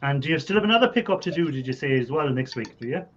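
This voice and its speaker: An Irish man with a slightly high voice hosts a casual live chat, asking friendly follow-up questions. His sound is dull and lo-fi, with faint background noise. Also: lively intonation, rapid-fire. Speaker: host.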